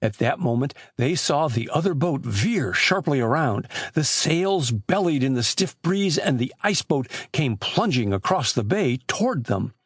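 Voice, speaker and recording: A man reading an adventure novel aloud as an audiobook narrator, with animated shifts for the characters. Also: mid-range voice, unhurried, hardly any pauses, breathy edge, no room sound, studio quality. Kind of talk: scripted narration.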